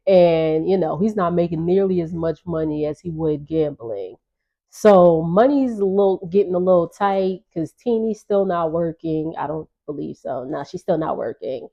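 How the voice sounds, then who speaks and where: Chatty woman recapper, low mellow voice, slightly dull lo-fi sound. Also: gravelly. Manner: chatty, gossipy, laughing asides. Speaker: reality TV recap vlogger. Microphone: on-camera.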